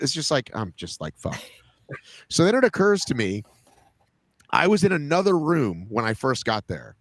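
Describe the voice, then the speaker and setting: A man's voice: mid-range voice, very animated, moderate pace, long pauses, no room sound. A man hosting a podcast, telling a long story in casual chat, padding his talk with "like" and "right?". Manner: rambling, fills talk with "like" and "right?". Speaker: podcast host.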